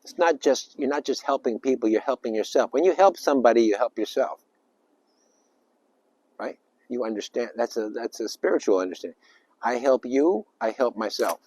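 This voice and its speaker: A man giving an informal spiritual talk, rambling and emphatic, with sudden loud bursts and little acted-out voices. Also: mid-range voice, a little fast, dry recording. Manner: acts out little voices and sounds. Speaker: spiritual speaker.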